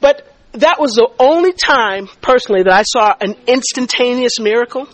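High-voiced woman telling a lively testimony. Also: normal speed, a faint crowd, low-quality recording. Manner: animated storyteller who acts out dialogue and stammers in excitement. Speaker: speaker teaching a faith group. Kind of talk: testimony and teaching talk.

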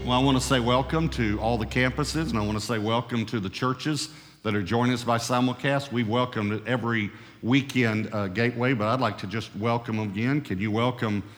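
A male pastor delivers a sermon in an emphatic, insistent way, circling back to his key phrases again and again. His voice sits at an ordinary middle pitch for a man. A long reverb from a big church auditorium trails after each line. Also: steady tone, fairly quick, soft background music. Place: church auditorium with live congregation. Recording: long reverb of a large hall.

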